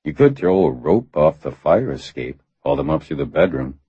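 A man voicing a tough former soldier in an audiobook, speaking tersely and in a clipped, low-key way. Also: very animated, normal speed, husky, no echo, dull audio, heavily acted.

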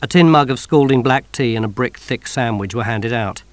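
A man narrating an audiobook in an expressive, wry storytelling manner on a close studio mic. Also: medium pitch, moderate pace, no echo.

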